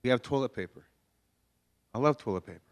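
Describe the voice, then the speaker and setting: A man's voice: medium pitch, fast, clear, resonant tone. A man preaching a conversational sermon in a chapel, folksy and joking, with many rhetorical questions. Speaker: pastor. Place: chapel before a congregation.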